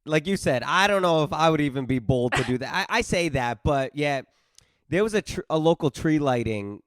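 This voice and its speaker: A man's voice: on the high side, expressive, moderate pace, fairly bright tone, clean tone, no room sound, studio quality. A man hosting an interview podcast, friendly and chatty, often restarting his phrases as he tells stories. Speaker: podcast host.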